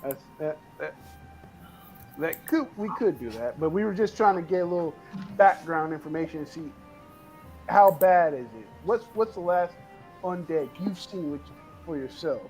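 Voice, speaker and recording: A man's voice: fairly high pitch, lively intonation, normal speed, a little mellow, faint music behind. A man playing a tabletop game who speaks hesitantly, with stammers and restarts. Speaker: player. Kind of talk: casual tabletop play.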